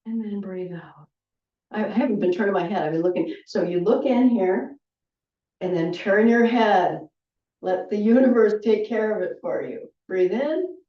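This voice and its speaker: A woman leading a qigong movement class, calmly cueing each breath with chatty asides. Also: medium pitch. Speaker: qigong instructor. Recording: roomy, distant, dull audio.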